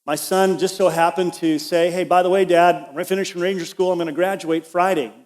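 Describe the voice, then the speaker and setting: Speaking a little fast in a high voice, a middle-aged pastor delivers a lively sermon in a church auditorium. He shares a personal story with animated, conversational asides to the congregation.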